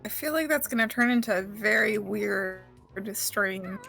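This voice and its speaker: A woman's voice: medium pitch, unhurried, creaky, bright, forceful tone, soft background music. A woman joining a game stream with casual, dry, teasing remarks.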